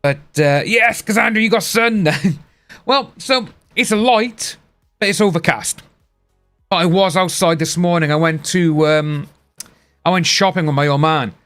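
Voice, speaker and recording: A man's voice: high voice, moderate pace, fairly bright tone. Chatty man streaming live. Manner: rambling, chatty, reads out chat names. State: hiccups. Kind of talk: casual live-stream chat. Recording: faint music behind.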